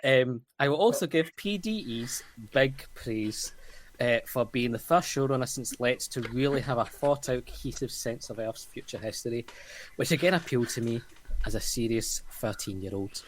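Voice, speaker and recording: A man's voice: mid-range voice, normal speed, slight background noise. A man with a Scottish accent, co-hosting a casual podcast over a call and laughing often between phrases. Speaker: podcast co-host. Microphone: remote call mic.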